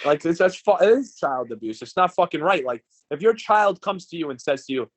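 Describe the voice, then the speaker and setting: A man's voice: fairly high pitch, animated, fairly quick, hardly any pauses. A man co-hosting a podcast in casual chat, ranting bluntly and swearing a lot. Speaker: podcast co-host.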